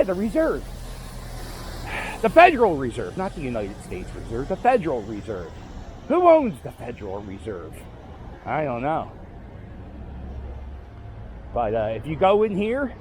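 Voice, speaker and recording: A man giving a casual walking-tour vlog outdoors on a city street, rambling and correcting himself as he goes. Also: sits high. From Philadelphia area. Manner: rambling, self-correcting, offhand. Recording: faint street noise outdoors.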